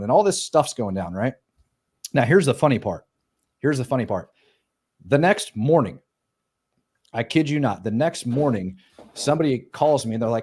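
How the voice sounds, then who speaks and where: A middle-aged man, a former soldier, telling war stories casually in an animated, profane way. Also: mid-range voice. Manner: animated, profane, acts out quoted voices. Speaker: podcast guest, former Green Beret. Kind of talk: casual storytelling.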